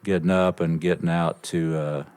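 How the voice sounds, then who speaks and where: Older man with a very deep voice. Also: moderate pace, clean tone. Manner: lively anecdote-telling, swears freely. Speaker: podcast guest. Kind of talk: casual storytelling.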